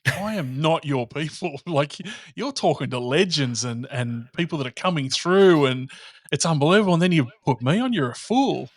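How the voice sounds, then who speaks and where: A man's voice: on the high side, lively intonation, moderate pace, no echo. Man, podcast guest, casual storytelling, swears, dry recording. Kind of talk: casual chat.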